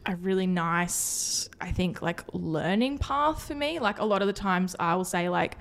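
A woman's voice: fairly low pitch, unhurried, hardly any pauses. Young aussie woman chatting on a podcast, laughs a lot, lots of ums. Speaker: podcast guest. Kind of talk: casual chat.

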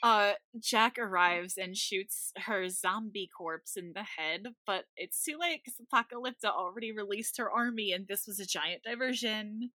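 A woman's voice: medium pitch, normal speed, few pauses, sharp tone, no echo. A woman co-hosting a casual movie podcast, recapping the plot with wry, sarcastic asides. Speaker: podcast co-host.

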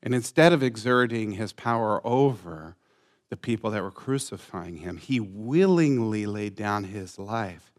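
A man preaching a sermon to a congregation, talking with them and asking for shows of hands. He swings between loud emphasis and hushed, near-whispered lines. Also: lowish voice, animated, normal speed. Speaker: pastor. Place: church sanctuary with congregation.

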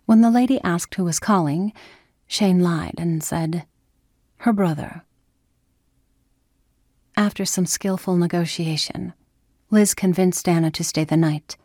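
A woman narrating a scripted story in a calm, measured way, dropping to a whisper in tense moments. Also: fairly low pitch, dry recording, clean studio sound.

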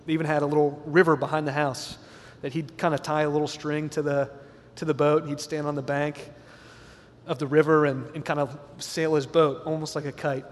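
Earnest preacher with hall reverb. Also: male voice, a little high. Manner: storytelling, earnest, building slowly. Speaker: pastor. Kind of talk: sermon. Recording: long hall reverb, faint room ambience.

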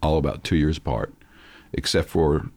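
A man's voice: very deep voice, steady tone, normal speed, darkish tone, dry recording. A man in his sixties, a guest in an interview, telling reflective personal stories in a casual, anecdotal way.

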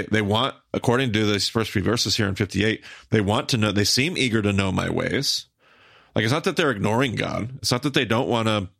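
A man with a low, gravelly voice teaches scripture in a relaxed podcast conversation. He talks emphatically and thinks aloud, circling back and restarting his phrases. The sound is dry and close to the mic. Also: dry recording. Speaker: podcast host and Bible teacher.

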